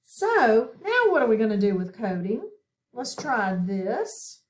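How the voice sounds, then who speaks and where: Woman teacher, slightly high voice, unhurried, patient questioning phonics lesson. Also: sing-song. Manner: slow, patient, asks questions and pauses.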